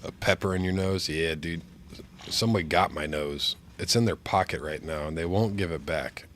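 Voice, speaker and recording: A man's voice: low-pitched, moderate pace, fairly bright tone, slight background noise. A man streaming while sick with the flu, his voice congested and nasal, chatting casually and joking as he rambles. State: congested, stuffy nose from flu. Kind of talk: casual chat while gaming.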